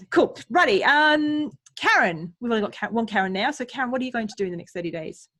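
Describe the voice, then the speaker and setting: Host: woman, husky, chatty, video call sound. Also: on the high side. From Yorkshire, England. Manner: chatty, quick, lively. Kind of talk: online group meetup.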